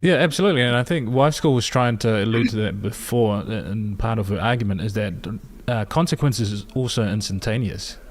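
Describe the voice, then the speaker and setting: Low-pitched male panelist; measured and argumentative, often restarting. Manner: measured, builds arguments from data with many restarts. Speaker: podcast panelist. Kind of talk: casual panel discussion.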